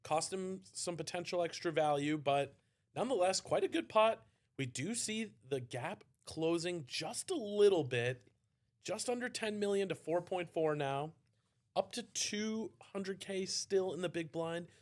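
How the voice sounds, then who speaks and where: A man with a mild Australian accent giving chatty live commentary on a poker tournament, getting excited on big hands. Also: sits high, a little slow.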